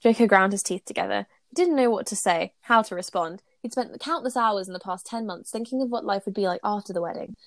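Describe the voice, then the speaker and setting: A woman co-host who reads a story aloud and breaks off to chat. She's blunt and animated, with a mid-range voice. The sound is dry and close. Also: mid-range voice, fairly quick, hardly any pauses, no room sound. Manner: animated, blunt, swears freely. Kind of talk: casual chat and story reading.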